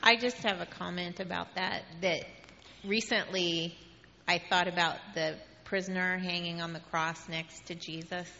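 Female audience member, low and flat, halting; muffled hall recording with faint hiss. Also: creaky. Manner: hesitant, halting speech. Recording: muffled sound with long hall reverb and faint noise.

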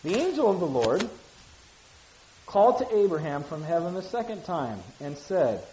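Woman Bible teacher, lively and conversational, asks listeners questions; echoey room. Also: fairly low pitch, normal speed. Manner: reads scripture aloud with acted voices, then explains casually; asks listeners questions and repeats key phrases.

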